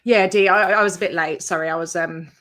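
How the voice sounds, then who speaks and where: A woman's voice: on the low side, fairly even intonation, brisk, a bit bright. An Australian woman hosting her own livestream, chatting casually and rambling as she greets her viewers by name. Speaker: YouTube channel host.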